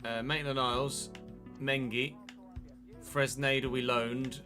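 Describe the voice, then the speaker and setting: A man's voice: medium pitch, little pitch movement, takes it slowly, music in the background. Chatty man, streamer commentary. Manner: chatty, wry, replies to live chat. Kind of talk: casual game commentary.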